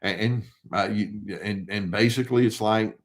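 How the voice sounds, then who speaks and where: Calm older man, lowish voice. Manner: calm and unhurried, answers his own rhetorical questions; acts out short quoted replies in a mock tone. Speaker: therapist answering viewer questions. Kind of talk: casual advice talk.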